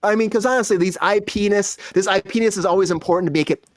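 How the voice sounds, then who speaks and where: Fast, excitable, foul-mouthed male podcast host. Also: high-pitched, no room sound, clean studio sound. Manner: excitable, profanity-heavy ranting. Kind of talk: casual pop-culture chat.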